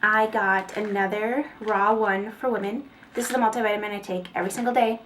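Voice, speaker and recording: A beauty vlogger rambles casually through a product haul video, dropping fillers and small laughs. Her mid-range voice is a bit bright and a little fast, with fairly even intonation. A slight hiss or hum runs underneath.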